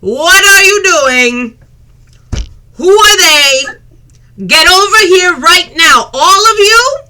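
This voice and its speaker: A woman voicing a burly, bossy mother who shouts orders. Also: very high-pitched, expressive, slow pace, voice pushed up, exaggerated voice. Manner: shouting, commanding.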